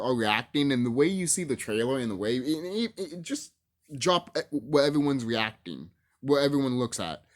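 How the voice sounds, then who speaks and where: This male YouTube movie commentator speaks at medium pitch with a fairly bright tone. In a casual rant to camera, he curses without restraint, laughs a lot, and says things again to drive them home.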